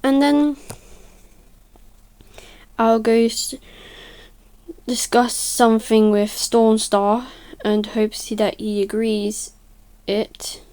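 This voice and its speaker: A woman casually narrating a speedpaint video, halting and stuttering, correcting herself as she goes, and sounding tired. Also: a little high, fairly even intonation, a little mellow, smooth. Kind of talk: casual voice-over storytelling.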